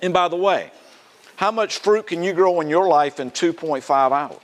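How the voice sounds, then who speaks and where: A South Carolina pastor with a Southern American accent preaches animatedly, quizzing the audience and acting out quoted voices. His voice is a little high, at normal speed.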